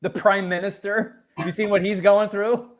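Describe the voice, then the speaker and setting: A man co-hosting a comedy podcast, telling stories in a casual, profane and animated way. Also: high-pitched, normal speed. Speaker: podcast co-host.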